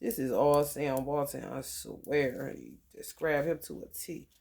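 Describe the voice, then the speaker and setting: An astrology vlogger talks at an unhurried pace, reading star-sign passages aloud. The pitch sits in a middle register. Between passages come slangy, profane asides. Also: vocal fry, darkish tone. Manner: slangy, swears freely, reads book passages aloud with side comments. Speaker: astrology channel host.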